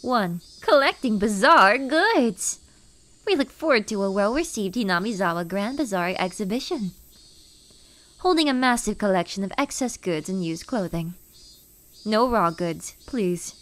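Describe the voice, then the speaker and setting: Formal announcer, put on by a woman, measured, reporter-style. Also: medium pitch, expressive, a bit bright. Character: formal village notice announcer. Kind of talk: reading a notice in a reporter voice.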